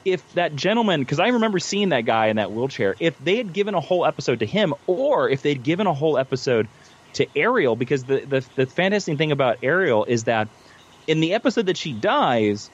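Animated man with a dull lo-fi sound. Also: on the high side, fairly quick, slightly rough. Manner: animated, restarts and repeats words while thinking aloud. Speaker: guest, military veteran author. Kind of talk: casual chat.

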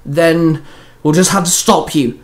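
A man's voice: on the high side, fairly even intonation, unhurried, pitched above the performer's own voice, close to an everyday voice. A man voicing a determined young male team leader, giving firm, commanding lines.

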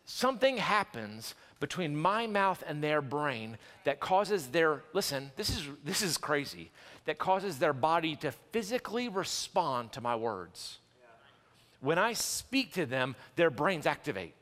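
A male pastor preaching a sermon in a church sanctuary, animated and conversational with quick restarts and jokes. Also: on the high side. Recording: long church hall reverb.

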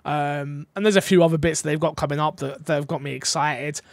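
A man's voice: a little high, fairly even intonation, brisk, no room sound, clean studio sound. A man hosting a casual gaming podcast, playful and teasing as he reads out listener questions. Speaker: podcast host.

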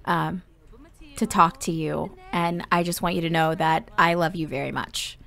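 A woman voicing a tender, soft-spoken mother. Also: low voice, steady tone, moderate pace, gravelly. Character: tender mother meeting adult son.

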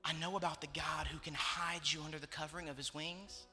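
Young male pastor, slightly high, bright voice, emotional repetitive sermon delivery, reverberant hall. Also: little pitch movement, brisk, faint music behind. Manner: emotional storytelling, repeating phrases for emphasis.

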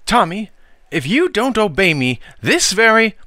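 A man voicing a fretful, anxious middle-aged aunt who scolds in a shrill voice. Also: big pitch swings, a little slow, bright, forceful tone, dry recording, studio quality, heavily acted. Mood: alarmed.

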